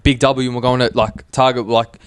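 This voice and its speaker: A young Australian man on a podcast, telling a relaxed story and calling people "bro". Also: mid-range voice, fairly quick, a little hiss or hum. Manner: laid-back storyteller, says "bro". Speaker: podcast co-host. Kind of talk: casual chat.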